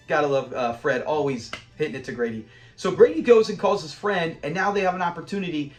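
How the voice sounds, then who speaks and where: A man's voice: sits high, fast talker, faint music behind. A man casually reviewing a classic sitcom episode, enthusiastic, quoting the characters and laughing often. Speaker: show reviewer.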